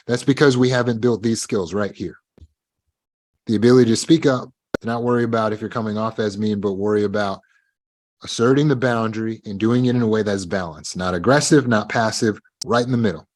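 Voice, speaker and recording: In a live online meeting, a man teaches a self-help lecture, speaking emphatically and directly to his students while acting out the lines of people in his examples. His voice is fairly low and his pace a little fast.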